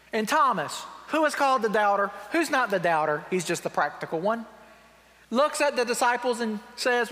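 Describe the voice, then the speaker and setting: A man pastor delivers a sermon with a notably high voice, paraphrasing scripture in plain, wry everyday speech. He leans hard on key points, then sinks into quiet reflection. The sound carries a long reverb, as in a large church hall. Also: measured pace. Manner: wry and emphatic, dropping to quiet reflective tones.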